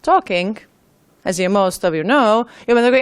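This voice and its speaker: A woman giving a conference talk, informal and a little halting. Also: mid-range voice, lively intonation, clean tone, dry recording. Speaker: conference speaker. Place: conference hall.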